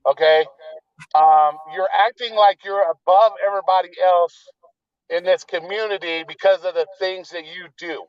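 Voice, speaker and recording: A man's voice: high voice, steady tone, normal speed, smooth, dry recording. A man calling into a live show, criticizing the host in a blunt, profane, confrontational way. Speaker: caller. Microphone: remote call-in. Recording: dull, dry remote call audio.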